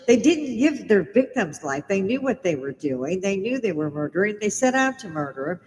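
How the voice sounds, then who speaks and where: A woman's voice: mid-range voice, big pitch swings, moderate pace, few pauses, big-room sound, rough recording. A middle-aged woman from Britain hosting a casual livestream from her home bar, blunt and swearing as she rants. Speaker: live stream host.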